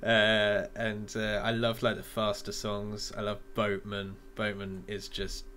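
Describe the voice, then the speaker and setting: A man's voice: fairly low pitch, monotone, measured pace, sharp tone, a little hiss or hum. A man chatting casually as a podcast co-host, enthusiastic and full of fillers. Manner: enthusiastic, swearing, filler-heavy. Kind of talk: casual chat.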